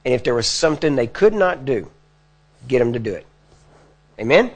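A man preaching to a live audience in a plain, everyday speaking voice. He explains things step by step and keeps checking in with his listeners as he goes. His pitch sits in the middle range for a man. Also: big pitch swings, moderate pace. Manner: conversational, checks in with the crowd often. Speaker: preacher teaching healing prayer. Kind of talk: sermon. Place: church or meeting hall before a live audience.

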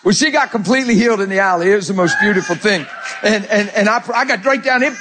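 High-voiced guy preaching, husky tone, keeps restarting lines and acting out quotes. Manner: animated storytelling with repeated starts and acted-out quotes. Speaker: pastor. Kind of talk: sermon.

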